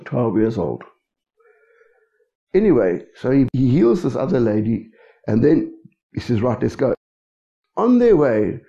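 A man's voice: medium pitch, gravelly, dark tone. A man preaching a sermon, who keeps checking in with his congregation. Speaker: pastor. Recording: dull lo-fi recording.

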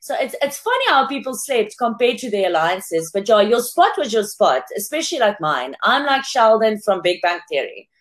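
A woman's voice: medium pitch, sing-song, normal speed, few pauses. A woman from South Africa, a former contestant chatting casually as a podcast guest over a video call, laughing often and restarting her sentences.

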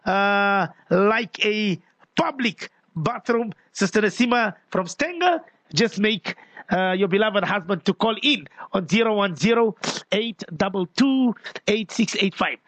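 A South African man hosting a radio call-in show, animated, exclaiming as he reads out listener messages at a studio mic. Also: high voice, a little slow, no echo.

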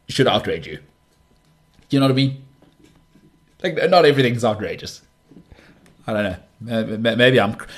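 A man hosting his own podcast in a casual solo monologue, rambling and opinionated, often restarting words with a stammer and slipping into sarcastic teasing. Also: medium pitch. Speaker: podcast host.

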